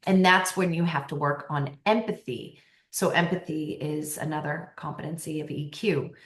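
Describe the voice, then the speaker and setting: A woman's voice: deep voice, moderate pace. A woman talking as a podcast guest, giving emphatic coaching advice and laughing often. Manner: animated and emphatic, laughs often, acts out quoted voices. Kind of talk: casual interview talk, coaching advice. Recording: roomy echo.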